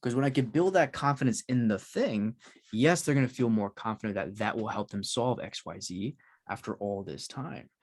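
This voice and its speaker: A man hosting an interview, explaining his ideas in steady, casual talk with frequent "like"s. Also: fairly low pitch, normal speed. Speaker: podcast host.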